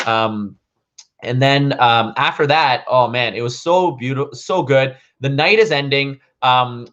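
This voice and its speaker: A man in a casual vlog, telling a story at a mid pitch with a rambling flow full of "like" and "um". The recording is dull and a little lo-fi, as if taken with a basic camera mic. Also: measured pace, a bit bright. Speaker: vlogger.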